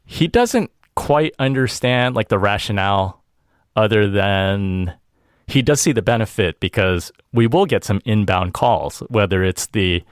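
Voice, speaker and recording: Man, podcast host, casual chat, lowish voice, lively pitch, dry close mic, laughs often. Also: a little slow, clear, resonant tone, no room sound. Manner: animated, laughs often, quotes family members.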